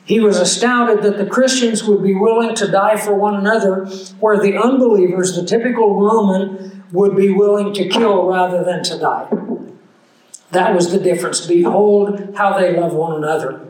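A man with a fairly high, darkish voice preaches a sermon in an earnest, conversational way. He shifts easily between a personal story and his teaching point, and the space around him is roomy and echoing.

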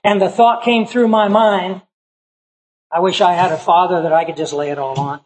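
A man's voice: high-pitched, steady tone, normal speed, low-quality recording. A middle-aged man, a pastor, telling a personal story in a sermon in a folksy, conversational way, acting out the people he quotes.

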